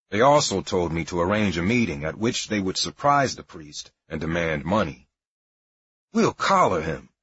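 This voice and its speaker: In a wry, matter-of-fact storytelling style, a man narrates a memoir audiobook. His voice is low, husky, and fairly bright in tone, with no room sound, though the recording itself is dry, dull, and lo-fi.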